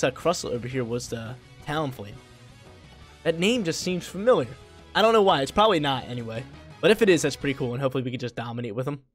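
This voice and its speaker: Excitable young man commentating gameplay. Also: mid-range voice. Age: young adult. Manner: excitable, slangy, bursts into loud hype. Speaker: gaming video creator.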